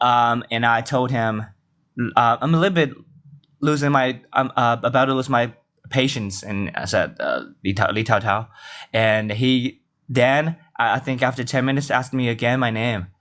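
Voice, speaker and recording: A man in his late twenties from China, speaking English with a Chinese accent, chatting politely with many pauses and restarts. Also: medium pitch, a bit bright. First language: Mandarin. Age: late 20s. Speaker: teacher and guest. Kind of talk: casual English practice chat.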